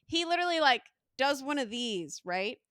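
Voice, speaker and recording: A young woman co-hosting a podcast, telling a story in casual chat, animated and swearing freely as she acts out quotes. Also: high voice, normal speed, no room sound, clean studio sound. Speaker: podcast co-host.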